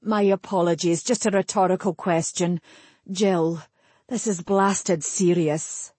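A woman reading an audiobook voicing a formal, wry male wizard with elaborate, courtly speech, in a husky, dry recording. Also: lowish voice, fairly even intonation, a little slow, a little mellow, no echo. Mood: concerned.

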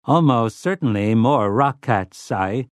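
A man's voice: medium pitch, expressive, slow pace, no room sound. Brief: prissy, complacent robot butler with a silky menace, done by a male narrator, dry audiobook sound.

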